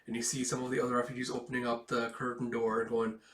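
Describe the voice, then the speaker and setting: A man's voice: mid-range voice, monotone, quick pace, fairly bright tone. Emotional man retelling a comic. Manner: emotional, filler-heavy retelling. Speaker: comic reader. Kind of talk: casual comic read-along. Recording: roomy, distant mic.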